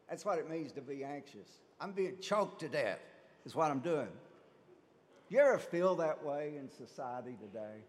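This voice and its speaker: A man's voice: a little high, lively intonation, normal speed. A man preaching a sermon as pastor, addressing the congregation with many rhetorical questions and acted-out quotes. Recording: long hall reverb.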